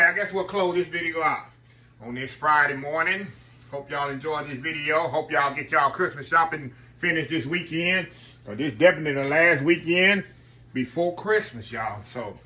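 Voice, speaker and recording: A man's voice: on the high side, sharp tone. A man with a Southern American accent chatting casually through a home cooking vlog, folksy and talkative, often calling out to viewers as y'all. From Southern United States. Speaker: cooking vlogger. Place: home kitchen.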